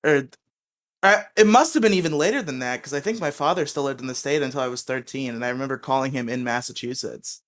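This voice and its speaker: A man's voice: mid-range voice, fast, fairly bright tone. A young man co-hosting a podcast, telling rambling stories in casual chat, swearing often and laughing at himself. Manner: rambling, swearing, self-mocking with frequent laughs. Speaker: podcast co-host.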